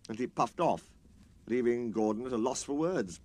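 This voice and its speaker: A man reading a children's story aloud, in an expressive, lilting storytelling manner. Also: mid-range voice, normal speed.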